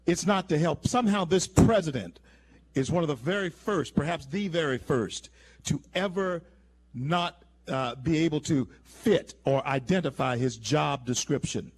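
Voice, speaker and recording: A male talk radio host speaks from the studio in an emphatic, opinionated way. His voice is slightly high for a man, and he often stumbles and restarts mid-sentence. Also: moderate pace.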